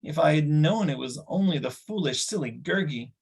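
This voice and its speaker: Man doing a hot-headed storybook youth, raised, husky, indignant. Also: fairly high pitch, expressive, moderate pace, voice pushed up, full character voice. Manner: indignant, sharp. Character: young male pig keeper, proud and quick-tempered. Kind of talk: audiobook character voice.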